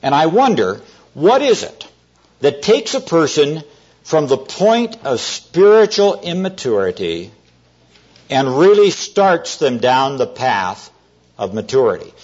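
A man preaching an evening sermon to a congregation, earnest and storytelling, often slowing down to stress key words. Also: a little high, sing-song, darkish tone. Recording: dull lo-fi sermon recording.

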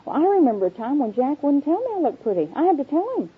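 A woman teaching a women's Bible class to a live audience, animated and humorous, acting out everyday household scenes. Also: sits high, fast talker. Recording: tinny, narrow-band old recording.

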